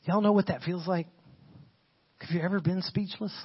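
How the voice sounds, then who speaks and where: A man giving a casual, animated sermon, retelling a scripture passage in everyday slang. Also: high voice, moderate pace, breathy edge. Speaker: preacher. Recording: muffled lo-fi audio.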